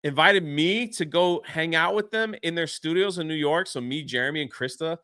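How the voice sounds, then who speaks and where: A man telling a story as a podcast guest, excitable and quick to act out what others said. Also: on the high side, clear, resonant tone, no echo, clean studio sound. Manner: excitable, swears mildly, acts out quotes. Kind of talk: animated storytelling.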